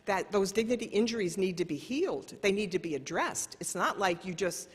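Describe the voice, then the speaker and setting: A middle-aged woman speaks in a slightly husky voice, pitched at an ordinary level for a woman. She tells stories from her own work in an earnest, anecdotal way and often corrects herself mid-sentence. Her keynote echoes with the long reverb of a large conference hall. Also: animated, a little fast. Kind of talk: conference keynote, personal storytelling.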